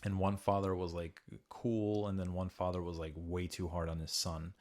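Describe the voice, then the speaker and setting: A man's voice: low voice, level tone, moderate pace, darkish tone. A man hosting a podcast, chatting casually and profanely, acting out quoted voices as he talks. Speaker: podcast host.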